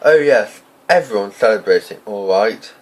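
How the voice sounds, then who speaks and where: A man voicing a stern, impatient older woman professor in an amateur audiobook reading, speaking in a brisk, clipped and exasperated way. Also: on the low side, close to an everyday voice, poor audio.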